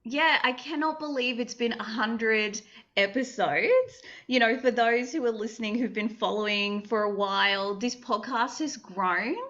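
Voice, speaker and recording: A woman's voice: on the high side, measured pace, a bit bright, dull audio. An Australian woman, a therapist and podcast host, talking reflectively about her podcast and laughing easily. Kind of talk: casual interview talk.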